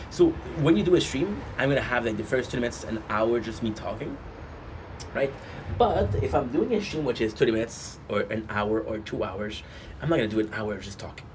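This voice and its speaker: A man's voice: medium pitch, noisy background. Rambling man chatting on stream. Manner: rambling, asks chat rhetorical questions. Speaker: gaming streamer. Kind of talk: casual livestream chat.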